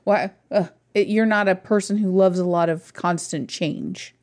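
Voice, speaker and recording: A woman's voice: fairly low pitch, moderate pace, darkish tone. A woman co-hosting a podcast in casual chat. She is chatty and teasing, and she laughs often. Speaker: podcast co-host.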